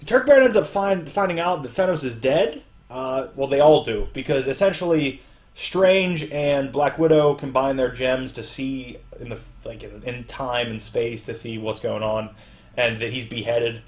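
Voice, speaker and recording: At a moderate pace and in a mid-range voice, a young man hosting a podcast chats casually, giving a lengthy, meandering recap full of filler words.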